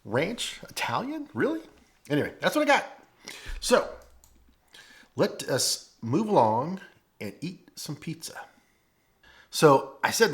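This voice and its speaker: A chatty man with a St. talks through a food review, his pitch rising and falling a lot. He sounds folksy and easygoing, and he breaks off here and there to taste something. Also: fairly bright tone. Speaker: food vlogger. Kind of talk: casual food review vlog. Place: at home.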